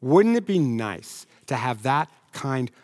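A pastor preaching a sermon in a conversational, humorous way, now and then putting on complaining voices. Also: male voice, mid-range voice, sing-song, slow, a little mellow.

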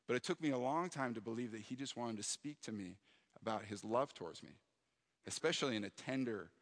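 A man delivers a sermon as a pastor, earnest and reflective. His voice sits at an ordinary middle pitch. A long hall reverb trails behind every phrase. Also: a bit bright. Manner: earnest and reflective, acting out prayers and dialogue.

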